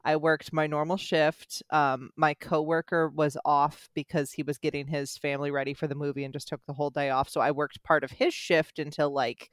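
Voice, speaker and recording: A young American speaker in their twenties tells stories in casual podcast chat, talking fast and with a lot of energy. They often stumble and restart mid-sentence at a middling pitch. The sound is dry and close, with no room echo. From United States. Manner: quick, animated storytelling with many restarts.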